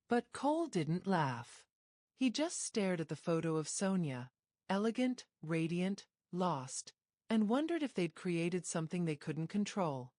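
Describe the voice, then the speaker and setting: A woman's voice: very animated, slow pace, a little mellow, no echo, clean studio sound. A woman narrating a romance drama, reading scripted lines with a dramatic storytelling manner. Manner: dramatic storytelling, acting out dialogue with lifted pitch.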